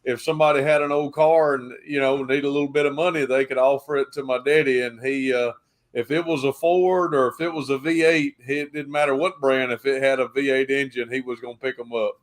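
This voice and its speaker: A man's voice: mid-range voice, level tone, fairly quick. A man with a Georgia Southern US accent, a pastor chatting casually and easygoingly on a livestream. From Georgia, United States. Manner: easygoing, laughs often.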